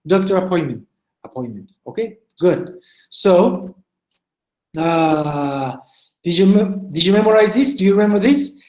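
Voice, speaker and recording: A woman teaching English to a group online, drilling sentences slowly and coaxing students by name. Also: mid-range voice, darkish tone, roomy sound, low-quality recording.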